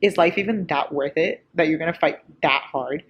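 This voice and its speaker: A woman in her twenties, a book vlogger, talking casually and excitably about what she reads, often breaking into giggles. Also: sits low, moderate pace, dull audio. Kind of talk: casual reading vlog.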